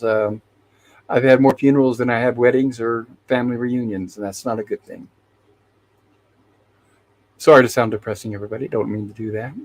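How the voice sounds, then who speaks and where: A man hosting a casual livestream who reads viewer chat messages aloud and greets each viewer by name, often restarting and correcting himself. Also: medium pitch. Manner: hesitant, with frequent restarts and self-corrections. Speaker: livestream host.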